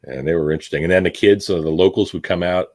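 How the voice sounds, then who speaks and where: A man's voice: deep voice, fairly even intonation, quick pace, a little mellow. A former Marine man hosting a casual chat, reminiscing in a rambling, profane, reflective way. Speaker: podcast host, former Marine.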